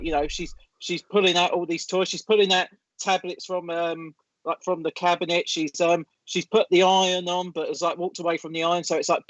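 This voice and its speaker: A man's voice: on the high side, no echo. A man on a podcast, telling a story dramatically with lots of fillers. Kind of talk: casual chat. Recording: dull lo-fi sound.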